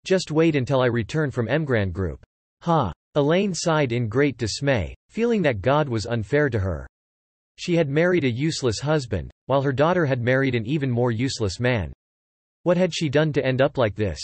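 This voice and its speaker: A man narrates an audiobook in an even, measured storytelling manner. His pitch is medium, and there is no room sound.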